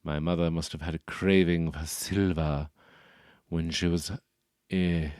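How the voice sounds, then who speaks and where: A man putting on the voice of a stiff, pompous upper-class Englishman who claims to show no emotion, speaking in a clipped, deadpan way. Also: low voice, takes it slowly, clean tone, dry recording, clean studio sound.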